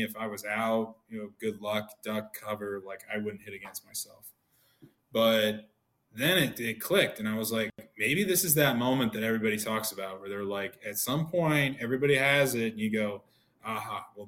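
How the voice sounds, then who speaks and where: Low-voiced man telling stories on a podcast. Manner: animated, acts out quoted dialogue. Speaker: podcast guest, former pro pitcher. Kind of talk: casual storytelling.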